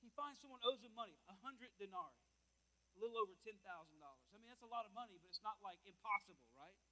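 A man's voice: high voice, quick pace, bright, forceful tone, rough recording. A man preaching a sermon in a church, speaking emphatically and repeating words as he walks about and calls out to his listeners.

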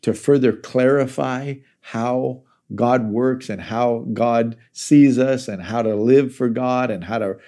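A man's voice: mid-range voice, steady tone, slow, hardly any pauses, mellow. A male pastor teaching through a Bible chapter in a conversational sermon style.

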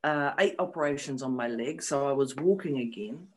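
With a rumbling low voice at normal speed, a New Zealand woman in her fifties speaks frankly and emotionally as an interview guest, sharing personal stories, swearing bluntly and repeating phrases for emphasis. The audio quality is poor.

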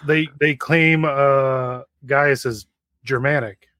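A man's voice: mid-range voice, steady tone, slow, sharp tone, no echo. A man co-hosting a casual podcast, explaining history details in a wry, nerdy way. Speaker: podcast co-host. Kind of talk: casual review chat.

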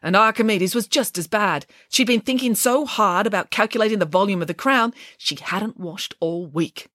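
A woman narrating a children's storybook with animated, playful storytelling. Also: medium pitch, moderate pace, dry recording, studio quality.

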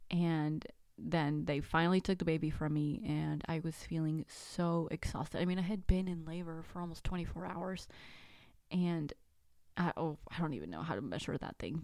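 A woman in her thirties hosting a podcast, telling a personal story in a casual, animated way, acting out the dialogue and sometimes dropping to a whisper. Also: fairly low pitch, no room sound, clean studio sound. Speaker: podcast host.

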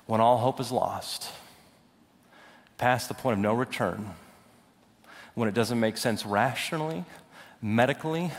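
A young adult man preaching a sermon, swinging from loud, rising declarations to hushed, slow intensity. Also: fairly low pitch. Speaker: pastor. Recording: long hall reverb.

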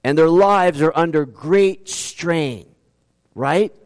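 A man's voice: on the high side, slow pace, smooth, in a large hall. A man preaching a sermon as pastor, earnest, asking rhetorical questions and repeating key phrases for emphasis.

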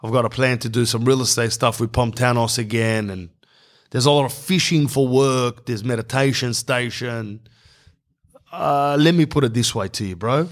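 Animated Australian bloke telling a story. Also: male voice, mid-range voice, normal speed. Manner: animated, swearing, calls listener bro. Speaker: vlogger. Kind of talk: casual storytelling rant.

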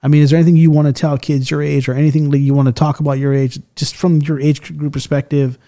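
A man's voice: fairly high pitch, flat delivery, quick pace, warm tone. A man hosting a podcast in casual chat, loose and swearing often as he tells stories and acts out the people in them. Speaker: podcast host.

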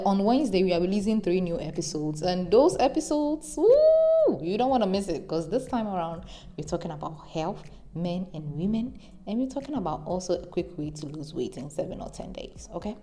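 A young woman hosting a podcast, talking off the cuff and giving emphatic advice with animated storytelling. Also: a little fast. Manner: emphatic, animated storytelling with sudden high exclamations. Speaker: podcast host. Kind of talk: unscripted advice monologue.

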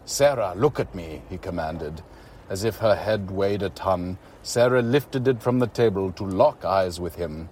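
A man reading a story aloud as scripted narration, in a steady, even way. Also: medium pitch, a little hiss or hum.

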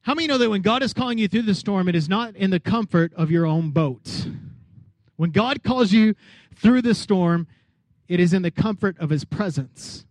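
Pastor, man, high voice, lively sermon with acted-out scenes, dry close sound. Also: moderate pace, no echo. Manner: lively, acts out Bible characters, asks the crowd questions.

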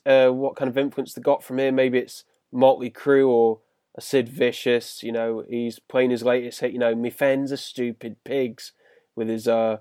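A man's voice: mid-range voice, a little mellow, no echo, clean studio sound. A British man hosting a podcast in casual chat, recapping scenes and putting questions to his co-host. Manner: leads the talk, recaps scenes and asks questions.

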